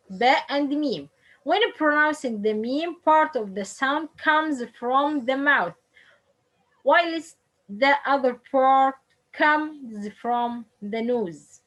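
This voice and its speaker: A woman's voice: sits high, low-quality recording. A woman whose first language is Arabic, teaching pronunciation in English, drilling and repeating each sound for the learner. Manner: slow, repeats letters and words for drilling, non-native English grammar. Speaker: Quran recitation teacher. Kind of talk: tajweed pronunciation lesson.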